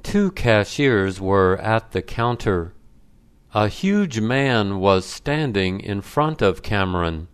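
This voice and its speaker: A man reading a short story aloud in a slow, deliberate manner. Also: on the low side, big pitch swings, clean tone. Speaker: story reader. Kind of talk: scripted narration.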